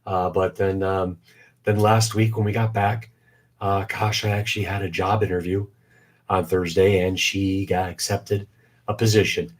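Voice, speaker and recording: A man's voice: sits low, level tone, moderate pace. A man in his forties hosting a casual live stream, rambling with many fillers, his voice weak and short of breath. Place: home basement shop.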